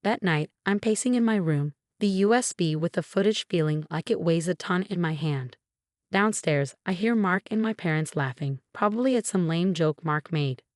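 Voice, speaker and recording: A woman in her twenties narrates a first-person story at an even, measured pace. Her voice sits a little low. It sounds dry and close to the mic. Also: dry recording. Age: 20s.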